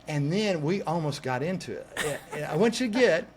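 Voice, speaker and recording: Lively storytelling man, slightly high voice. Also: moderate pace, a little hiss or hum. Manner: lively, acts out quoted voices, restarts words. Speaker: executive coach, guest. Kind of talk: animated personal storytelling in conversation.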